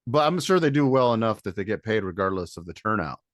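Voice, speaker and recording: Musician guy from michigan, deep voice, rambly and easygoing, dry mic. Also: big pitch swings, fast, no room sound. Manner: laid-back, chuckling, rambling. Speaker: band member guest. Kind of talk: casual interview chat.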